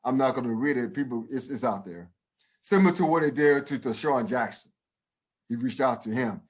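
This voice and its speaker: This animated, brisk co-host has a medium-pitched voice and is American. On a casual opinion podcast he speaks forcefully and bluntly, swearing freely and restarting sentences again and again.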